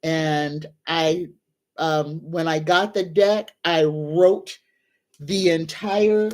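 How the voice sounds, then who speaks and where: A woman's voice: low voice, fairly even intonation, a little mellow. A woman hosting a casual livestream as a tarot reader, gushing and grateful. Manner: gushing and grateful, talks slowly.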